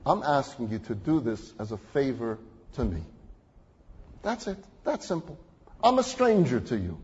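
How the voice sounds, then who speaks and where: A man's voice: medium pitch, very animated, normal speed, a little mellow, husky, pitched below the performer's own voice. A man playing a coaxing, earnest rabbi. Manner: coaxing, reasonable, repetitive. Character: earnest, pleading rabbi asking a favor. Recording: dull recording with long hall reverb.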